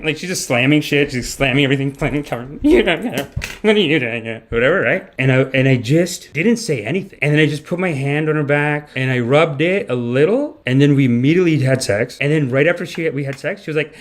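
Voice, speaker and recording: A man's voice: on the high side, quick pace, few pauses, slight background noise. A man doing a comedic monologue as a mock spiritual guru, rambling and cutting himself off.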